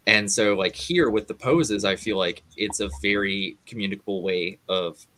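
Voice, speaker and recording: Man, lowish pitch, bright tense tone, earnest, casual book talk guest. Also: normal speed, a little hiss or hum. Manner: earnest, many "like" fillers.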